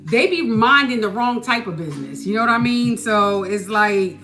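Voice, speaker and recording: A woman hosting a podcast, telling a story in a casual, animated way and asking "you know what I mean" often. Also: on the high side, moderate pace, soft background music. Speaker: podcast host.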